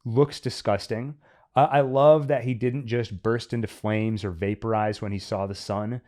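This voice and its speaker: A man's voice: lowish voice, steady tone, normal speed, darkish tone. A man hosting a podcast, chatting casually and analytically about a film as he thinks aloud. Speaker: podcast host. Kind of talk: casual chat, film review.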